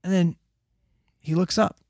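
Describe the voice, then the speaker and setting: A man's voice: high voice, unhurried, no echo, clean studio sound. A young man who works as a paramedic, telling a wild work story in a casual, profanity-laced way and acting out the people in it. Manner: profane, animated, acts out the people in his story.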